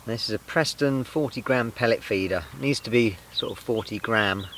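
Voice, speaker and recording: A man's voice: medium pitch, moderate pace, a bit bright, slight background noise, poor audio. A man from England filming a casual fishing vlog outdoors by a lake, chatting and explaining his tackle step by step. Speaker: angler vlogger.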